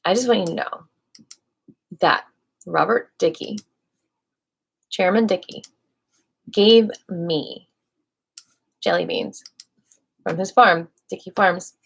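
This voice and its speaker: Hosting a live video, a woman reads out dictionary entries, tossing playful, thoughtful remarks to viewers and whispering softly now and then. Her husky, gravelly voice sits on the low side, and she speaks slowly with frequent pauses.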